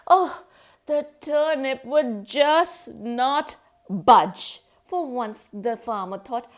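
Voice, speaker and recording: A woman's voice: mid-range voice, slow. A woman telling a children's story in a sing-song manner, making animal noises and asking a young listener questions.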